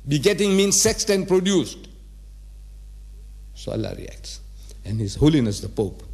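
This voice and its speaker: A man's voice: a little high, darkish tone. A man in his seventies giving a religious lecture to a live audience, emphatic, repeating phrases and firing rhetorical questions at the listeners. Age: 70s.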